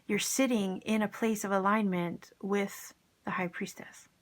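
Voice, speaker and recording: A woman's voice: mid-range voice, steady tone, a little slow. Upbeat, slangy woman reading tarot. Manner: enthusiastic, slangy, encouraging. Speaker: tarot reader. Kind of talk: casual tarot reading to camera.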